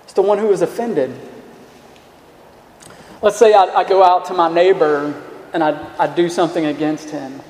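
A man's voice: on the high side, fairly even intonation, normal speed, long pauses, a little mellow. A man preaching a sermon in an earnest voice, asking rhetorical questions and repeating his words. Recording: echoey hall, faint room noise.

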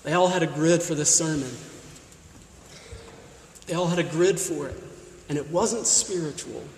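A man's voice: a little high, moderate pace, a little mellow, slight background noise. A male pastor preaching a sermon, pressing his listeners with repeated rhetorical questions. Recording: echoey hall with long reverb.

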